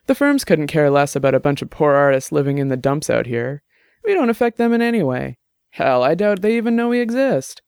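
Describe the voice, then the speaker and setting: A man's voice: on the high side, lively intonation, brisk, vocal fry, a little mellow, clear, resonant tone, no echo, studio quality. A man voicing an easygoing young musician who teases his friend with a grin. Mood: teasing. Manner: breezy, teasing.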